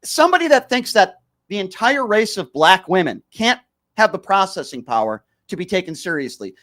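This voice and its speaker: A man's voice: high voice, very animated, normal speed, fairly bright tone. A man hosting a talk show, arguing with a caller and pressing the same question again and again. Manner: combative, repeats questions insistently. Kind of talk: heated call-in argument.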